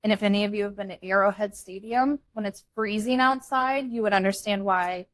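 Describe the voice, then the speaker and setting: A woman's voice: mid-range voice, a little fast, dry recording. A young woman co-hosting a podcast, telling a family story in a blunt, candid, casual way. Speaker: podcast co-host. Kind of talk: casual chat.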